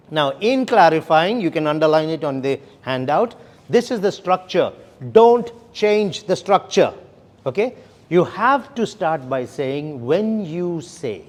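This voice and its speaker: A man's voice: a little high, a little mellow. A man leading a sales training session, explaining steps and often checking in with "okay?" and "right?". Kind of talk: classroom training lecture.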